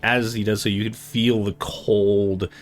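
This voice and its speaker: A man narrating as game master of a tabletop game, relaxed, with many fillers. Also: lowish voice, a little slow, faint music behind.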